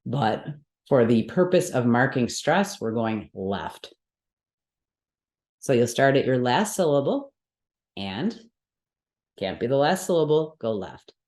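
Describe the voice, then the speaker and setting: A woman's voice: rumbling low, big pitch swings, slow, long pauses, a little mellow. A woman teaching a Sanskrit mantra workshop, explaining rules step by step and often checking in with her students. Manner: patient step-by-step explaining, frequent check-ins with the class. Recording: roomy echoey room.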